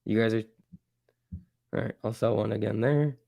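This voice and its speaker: A man hosting a live stock trading stream, reacting excitedly to price moves and chatting casually with viewers. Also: fairly low pitch, normal speed, gravelly, no echo, clean studio sound. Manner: excitable, exclaiming at price moves, reading chat aloud. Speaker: stock trading livestream host.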